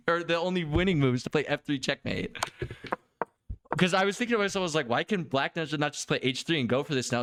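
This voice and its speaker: A man streaming a chess game review, excitable and quick to exclaim and laugh as he talks to his viewers. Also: fairly high pitch, no room sound.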